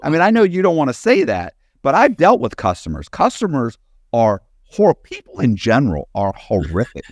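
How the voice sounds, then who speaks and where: A man's voice: medium pitch, wildly swooping pitch, normal speed, no room sound, studio quality. A man hosting a casual interview, talking animatedly and acting out other people's lines.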